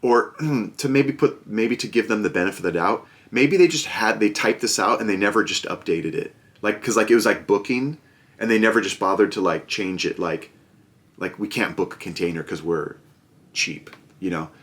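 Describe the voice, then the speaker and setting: Low-voiced man rambling sarcastically. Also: moderate pace. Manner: rambling, sarcastic, many fillers and restarts. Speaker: board game video host. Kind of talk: casual product review chat.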